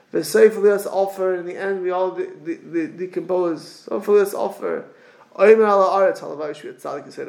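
A man teaching an animated religious lesson, acting out reluctant people in quick asides. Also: high-pitched, vocal fry, echoey room. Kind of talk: animated lecture.

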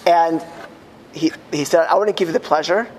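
A man telling a story to an audience with halting restarts, his voice rising to high cries in quoted lines. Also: a little hiss or hum. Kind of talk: impassioned storytelling talk. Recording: long hall reverb, faint ambience.

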